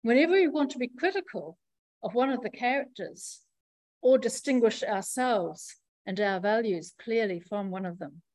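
A woman preacher giving a sermon in a measured, reflective teaching manner, pausing often as she explains. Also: on the high side, expressive, a little mellow, dry recording, poor audio.

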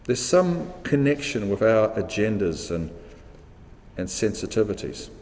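A man's voice: lowish voice, very animated, a little slow, a little mellow, big-room sound. A man, preaching a sermon in a reflective, questioning way, repeating words for emphasis. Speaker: pastor.

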